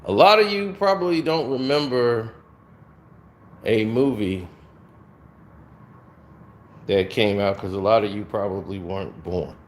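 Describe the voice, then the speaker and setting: A man giving a casual, animated spoiler review of a film, talking to his viewers. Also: on the low side, a little hiss or hum. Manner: animated, conversational, drawn-out delivery.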